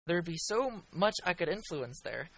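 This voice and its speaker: A man with a fairly high, very bright voice, chatting on a podcast. He rambles excitedly and restarts his thoughts often. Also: normal speed, poor audio. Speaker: podcast co-host. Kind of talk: casual group chat.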